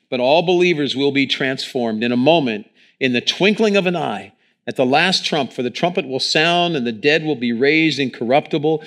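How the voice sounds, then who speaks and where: A man preaching a sermon in church, talking into a microphone and swinging between hushed lines and loud ones. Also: mid-range voice, lively intonation, fairly quick. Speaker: pastor.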